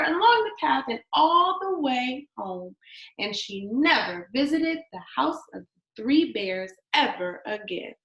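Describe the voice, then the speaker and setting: Slow, expressive woman reading a storybook. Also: on the high side, echoey room, dull audio. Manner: expressive, sing-song storytelling. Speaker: storybook reader. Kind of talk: children's read-aloud.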